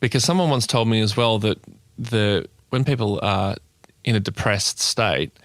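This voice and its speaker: Gravelly-voiced Australian man, hesitant. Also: on the low side, normal speed, no echo. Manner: thoughtful, hesitant, with restarts. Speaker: podcast co-host. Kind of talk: casual podcast chat.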